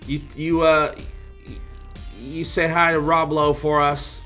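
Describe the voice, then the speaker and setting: A man's voice: on the high side, slow pace, long pauses, sharp tone, faint music behind. A man hosting a casual livestream, reading out viewer comments and joking around in a loose, rambling way. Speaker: livestream host.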